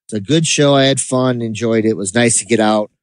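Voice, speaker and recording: A man co-hosting a casual podcast chat, telling rambling, animated stories with laughs. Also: medium pitch, brisk. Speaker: podcast co-host.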